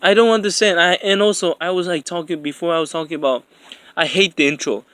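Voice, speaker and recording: A young man with a high-pitched voice rants in a rambling, profane way, full of fillers and exasperation. The sound is dry and close, with no room around it. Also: steady tone, fast, fairly bright tone, clear, resonant tone, dry recording. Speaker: anime commentator. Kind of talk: ranting commentary.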